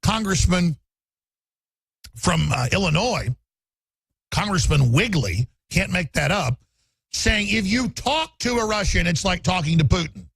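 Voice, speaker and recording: A male talk radio host giving rapid, mocking political commentary. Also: high voice, lively intonation, gravelly, fairly bright tone, slightly rough, dry recording.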